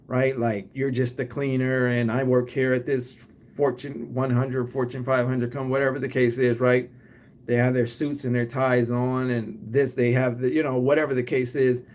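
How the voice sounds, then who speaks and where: A man's voice: medium pitch, darkish tone. A man with a Detroit accent who runs a cleaning business, giving casual advice to viewers and often ending points with "right?". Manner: acts out both sides of short scenes.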